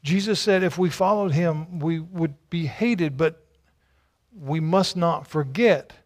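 A man's voice: fairly high pitch, takes it slowly, darkish tone. A male pastor preaching a sermon, emphatic and repetitive, with rhetorical questions and stammered restarts.

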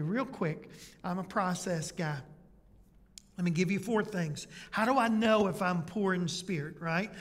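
A man preaching a sermon as pastor in a conversational way, full of rhetorical questions. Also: high voice. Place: church sanctuary. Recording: church hall reverb.

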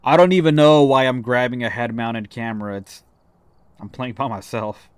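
A man's voice: medium pitch, steady tone, normal speed, smooth, no room sound. A man playing a ghost-hunting video game alone, grumbling and swearing to himself as he plays. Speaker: let's-play gamer. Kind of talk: solo gameplay commentary.

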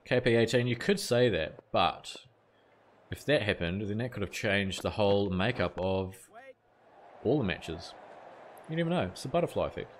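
A man's voice: lowish voice, lively intonation, normal speed, a little hiss or hum. A young man from New Zealand with a New Zealand accent, casually commentating a cricket game while chatting with his viewers. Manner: casual, chatty, reads out chat messages, mild swearing. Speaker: gaming streamer.

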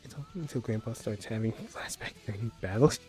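A man's voice: fairly low pitch, fairly quick, darkish tone, faint music behind. A young man streaming in a social VR game, joking crudely and laughing often in casual chat. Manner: giggly, joking, crude banter.

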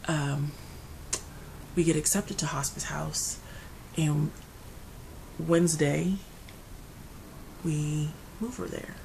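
A woman's voice: low-pitched, steady tone, slow pace, creaky, long pauses, slight background noise, poor audio. Grieving woman talking to camera. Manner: grieving, rambling, restarts often, swings between quiet and loud. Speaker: beauty vlogger. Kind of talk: casual personal talk to camera. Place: her apartment.

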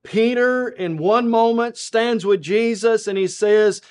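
In a televised Bible lesson, a man preaches with a clear, resonant tone, climbing to emphatic peaks before sinking low and soft. He quotes scripture in a measured cadence.

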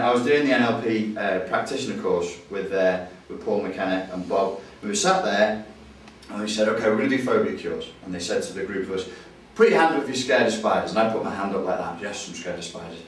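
A man's voice: medium pitch, a little hiss or hum. A man teaching a course, acting out stories with jokey voices and sudden screams. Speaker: NLP trainer. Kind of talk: lively teaching with acted-out stories. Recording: very echoey room, distant mic.

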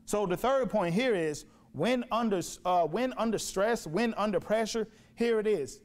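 A man's voice: high-pitched, moderate pace, hardly any pauses, a little mellow. A man preaching a sermon in a church, emphatic, repeating phrases and asking rhetorical questions. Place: church sanctuary.

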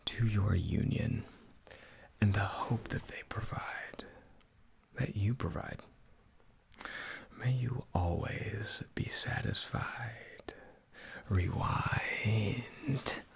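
A man voicing a witty older sister giving a toast, in a whispered role-play with soft rapped lines. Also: fairly low pitch, lively intonation, drawn-out words, creaky, long pauses, exaggerated voice. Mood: wistful. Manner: whispered rap reading, soft.

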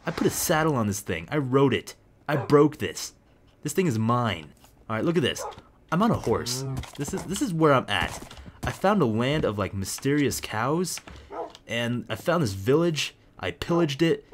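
A young man casually commenting on his own gameplay as a video host, rambling and excitable with lots of jokes. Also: medium pitch, background noise. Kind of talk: casual let's-play commentary.

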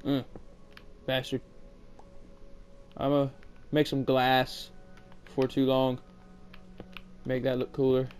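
A man's voice: mid-range voice, completely flat delivery, slow pace, pauses often, faint music behind. A man casually commenting on his own game playthrough, rambling and swearing a lot, with sudden angry outbursts. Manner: profane, rambling, erupts into yelling. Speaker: gameplay commentator. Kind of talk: casual let's-play commentary.

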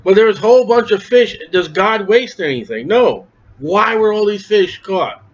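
Man, preacher, high voice, sermon, asks and answers himself, dull lo-fi recording. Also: expressive, normal speed. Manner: conversational, asks and answers his own questions; acts out quoted voices with raised pitch.

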